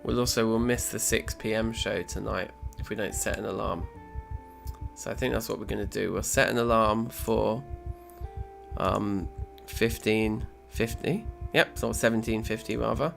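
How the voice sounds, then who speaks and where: Chatty let's play host, a man with a low, gravelly voice, talking over his game at a desk mic. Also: steady tone, normal speed, faint music behind. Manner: chatty, self-mocking, thinks aloud. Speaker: gaming channel host.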